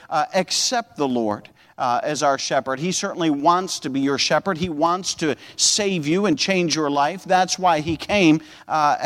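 A man's voice: sits high, long reverb tail. A man preaching a sermon in a church auditorium, earnest, often repeating words and saying uh.

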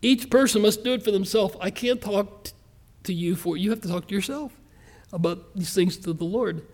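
High-voiced man preaching a folksy sermon. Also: darkish tone. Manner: folksy, earnest preaching with quick asides and slow emphatic stresses. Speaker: pastor.

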